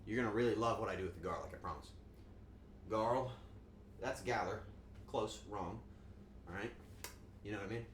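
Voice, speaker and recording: A man's voice: lowish voice, normal speed, long pauses, slight background noise. A man chatting casually on a cooking stream, joking and rambling, and acting out quotes in goofy voices.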